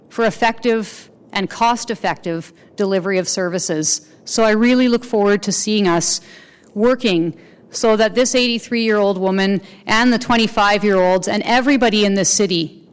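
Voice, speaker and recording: A woman delivering a formal civic speech in an earnest, measured way. Her voice is smooth and clear, and her pitch sits in a middle range. She pauses between phrases like someone speaking from a podium. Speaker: mayor giving an inaugural address.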